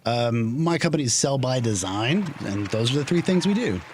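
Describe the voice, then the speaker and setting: A man's voice: medium pitch, animated, moderate pace, darkish tone, a little hiss or hum. A man working as a realtor, introducing himself in a meandering, self-deprecating way. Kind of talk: casual chat.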